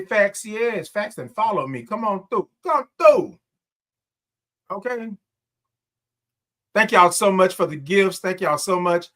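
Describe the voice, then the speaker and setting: A man's voice: sits high, sharp tone. A man hosting a casual morning livestream, greeting viewers by name and stretching out his sung greetings. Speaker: livestream host.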